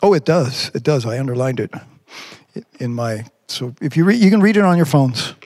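A man preaching a sermon as pastor, reading scripture slowly and climbing in pitch when he presses a point. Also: animated, a little mellow. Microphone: remote stream from a device on batteries.

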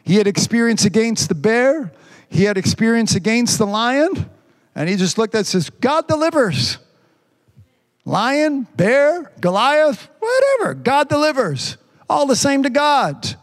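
A man preaching a sermon, reading scripture slowly and stretching the words, with frequent amens. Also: very high voice, sing-song, big-room sound. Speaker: pastor.

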